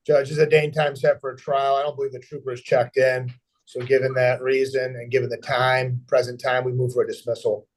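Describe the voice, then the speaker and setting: A man's voice: mid-range voice, little pitch movement, fairly quick. A man acting as defense attorney in a virtual courtroom, speaking in formal, formulaic and polite courtroom language. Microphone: video call.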